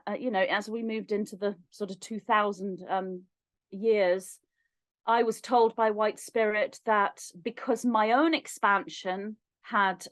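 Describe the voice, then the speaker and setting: A woman as a podcast guest, telling a personal story in an animated way and acting out remembered dialogue. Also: medium pitch, no room sound. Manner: animated, acts out remembered dialogue with lively shifts in voice.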